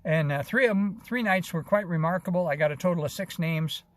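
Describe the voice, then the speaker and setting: A man's voice: sits high, brisk, dry recording. An older American man telling his own experiences in a casual, rambling, folksy way. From United States. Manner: rambling, folksy, many restarts and "you know". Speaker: vlogger. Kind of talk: casual first-person storytelling.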